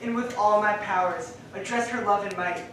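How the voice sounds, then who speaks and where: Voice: mid-range voice, moderate pace, background noise, natural voice. An actor playing an impulsive young male lover on stage, speaking ardent verse in a distant, echoey recording. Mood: resolute. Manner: ardent verse with sudden loud outbursts. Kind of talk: stage play acting.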